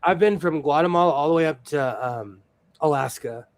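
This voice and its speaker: A man's voice: on the high side, a little fast. A man from the US West Coast hosting a casual sewing chat, rambling and laughing often as he tells stories. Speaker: sewing stream host.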